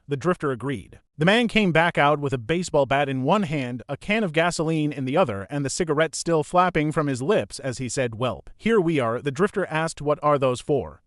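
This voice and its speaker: A man reading a reddit story aloud as scripted narration, voicing every character in the same even narrating voice. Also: on the high side, no room sound, clean studio sound.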